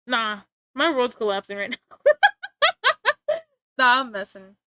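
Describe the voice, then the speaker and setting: A woman's voice: on the high side, slow, pushed and bright, clean tone, no echo. A young woman streaming live, rambling and joking in casual chat with frequent laughter.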